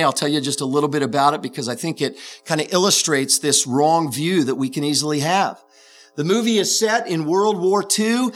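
A man's voice: high-pitched, a bit bright. A man preaching a sermon, earnestly retelling a film scene as an illustration.

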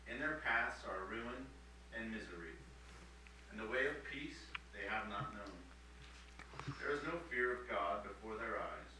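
Man reading scripture in echoey room. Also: lowish voice. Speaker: group member reading scripture. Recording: echoey room, far from mic, background noise.

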